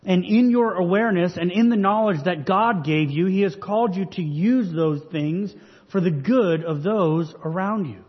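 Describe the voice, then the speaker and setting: A man preaches an earnest, measured sermon, his slightly high, husky voice carrying through a church sanctuary. The recording is dull and washed in long hall reverb. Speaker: pastor.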